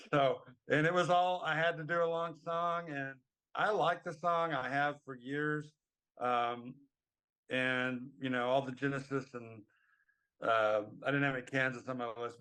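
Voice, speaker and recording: This podcast co-host is a middle-aged man with a medium-pitched, sharp voice, recorded cleanly. On a laid-back music podcast, he rambles and hesitates, dropping plenty of ums into the casual chat.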